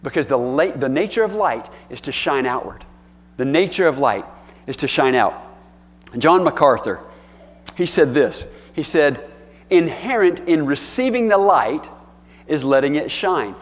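A man with a high voice preaches a sermon, drifting into folksy stories and acting out little bits of dialogue. His words ring out with a long trailing reverb from a large hall. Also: expressive, measured pace. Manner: folksy storytelling with playful acted-out dialogue. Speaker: pastor.

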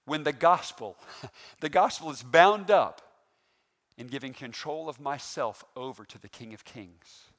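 A man preaching a sermon, animated and full of rhetorical questions to the congregation. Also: a little high, unhurried. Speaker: pastor.

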